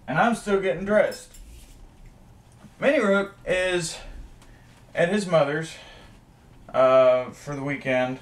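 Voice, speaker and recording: In this casual vlog, a young man with a high-pitched voice talks slowly and leaves long pauses. His chat about the day wanders, packed with fillers and the occasional swear word.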